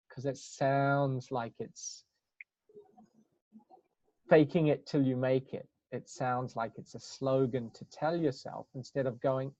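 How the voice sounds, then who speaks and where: A man talks through his ideas in a calm, considered way, pausing and restarting words as he thinks. His voice sits at a middle pitch. The sound is dry and a bit muffled, like audio from an online video call. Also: no room sound. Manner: thoughtful, searching phrasing with restarts. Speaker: webinar speaker on communication. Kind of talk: reflective webinar talk. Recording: dull lo-fi webinar audio.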